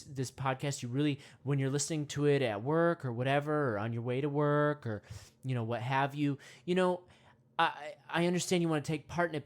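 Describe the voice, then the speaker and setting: A woman playing an excitable male self-help podcast host who rambles, repeats himself and trails off mid-thought. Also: deep voice. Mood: calmer, rambling. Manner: rambling, repeats words, trails off, grunts monkey noises. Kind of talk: comedic parody meditation podcast.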